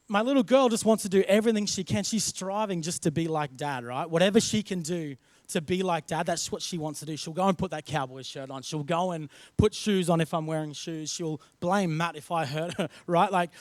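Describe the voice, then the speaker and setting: A man's voice: on the high side, no echo. An Australian man in his thirties preaching a sermon in church, talking casually with many restarts and repeated words. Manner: conversational, repeats words and restarts, tells family stories. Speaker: pastor.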